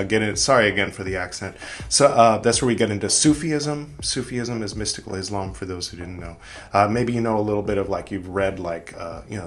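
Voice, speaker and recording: Young guy rambling on his podcast, jokes at his own expense, lots of um and uh. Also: lowish voice. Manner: rambling, self-mocking, with many fillers and restarts. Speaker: podcast host. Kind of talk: casual chat to camera.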